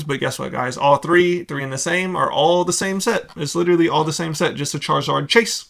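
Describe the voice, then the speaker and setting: A man's voice: a little high, gravelly, sharp tone. A young man hosting a card-collecting video, giving blunt, sarcastic market commentary in a casual, opinionated way. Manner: blunt, sarcastic, rapid asides.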